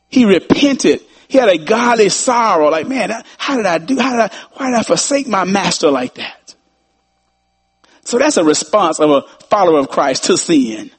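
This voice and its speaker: A man delivers a sermon with a slightly husky, somewhat high voice. He preaches in an animated way, repeating his phrases for emphasis and slipping into quoted voices as he makes his points.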